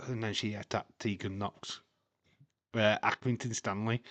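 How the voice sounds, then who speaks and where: Slow, laid-back man streaming. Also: lowish voice, flat delivery, fairly bright tone, no echo. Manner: laughs often, rambling with fillers and jokey tangents. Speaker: live stream watch-along host. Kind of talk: casual chat to live chat viewers.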